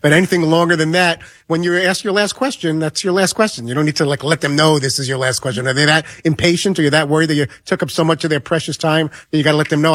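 A man on a sports radio show venting about a small pet peeve in casual, quick talk. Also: fairly high pitch, steady tone, a bit bright, no echo, studio quality.

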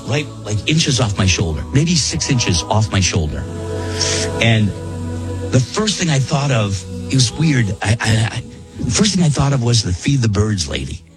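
On a rough recording, a man with a low voice tells friends a story on a podcast. He rambles, interrupts himself, restarts sentences, and repeats words.

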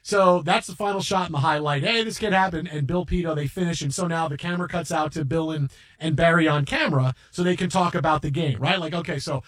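A middle-aged man hosting a sports radio show, telling stories in an animated, rambling way with many restarts. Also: on the high side, fast. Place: radio studio.

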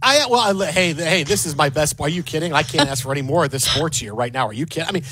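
A man hosting sports talk, telling rambling, excitable stories full of restarts. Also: on the high side, fast talker, slight background noise. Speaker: sports radio host.

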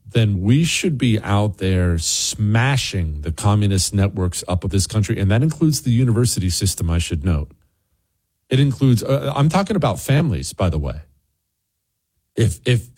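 A man's voice: lowish voice, a little mellow, slightly rough. A man hosting a political talk radio show, delivering a heated, ranting monologue.

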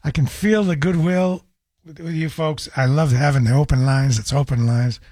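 A middle-aged man hosting a casual call-in radio show, his voice hoarse and scratchy after a cold, rambling through anecdotes. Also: a little high, steady tone, moderate pace, warm tone, dry recording, clean studio sound. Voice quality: raspy. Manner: rambling anecdotal storytelling with restarts. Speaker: radio host. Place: radio studio. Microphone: studio microphone.

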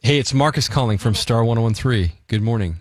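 A man's voice: mid-range voice, brisk, no echo. A man hosting a radio call-in segment, talking in a playful, teasing way. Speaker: radio show host.

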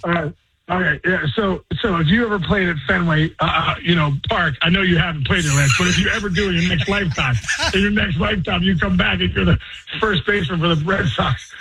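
A man who is a former pro ballplayer, guest on a radio show, telling stories excitedly, repeating words and quoting others in quick little voices. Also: high voice, husky, rough recording. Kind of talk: animated storytelling on a radio show.

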